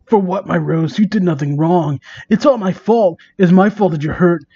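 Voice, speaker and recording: Brief: man playing a self-pitying dark boy hedgehog from a fan story, lowered quiet voice, muffled lo-fi audio. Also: moderate pace, slightly rough. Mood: remorseful. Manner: lowered, hushed put-on voice. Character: brooding remorseful male cartoon hedgehog. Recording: dull lo-fi recording.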